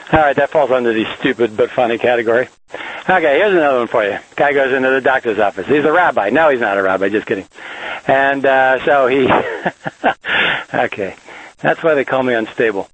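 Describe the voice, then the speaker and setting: A man's voice: mid-range voice, fairly quick, fairly bright tone, slightly rough, no room sound, rough recording. A man in his fifties rambles through dry jokes and gripes, stopping often on "uh." His voice sits in an ordinary middle range, captured on a little handheld recorder while he drives and walks outside. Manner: dry, joking, full of uh fillers. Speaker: locksmith podcaster. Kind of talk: rambling comic monologue. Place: driving a van, then hiking outdoors. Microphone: small handheld digital voice recorder.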